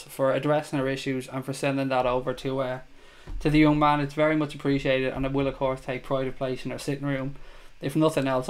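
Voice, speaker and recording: A man hosting a fan chat show livestream, talking casually and with feeling to his viewers and reading out their comments. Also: mid-range voice. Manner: chatty, emotional, reads viewer comments aloud.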